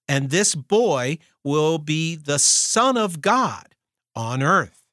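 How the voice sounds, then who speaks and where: A man preaching a sermon. He reads scripture aloud in a measured way and stresses his points with rhetorical questions. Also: a little high, bright, forceful tone, dry recording, studio quality.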